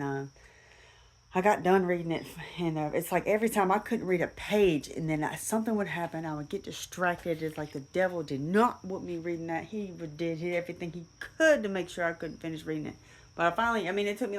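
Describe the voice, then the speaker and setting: A woman with a low, deep voice tells a personal story in a casual, rambling way. She backs up and restarts her sentences often and fills the gaps with fillers.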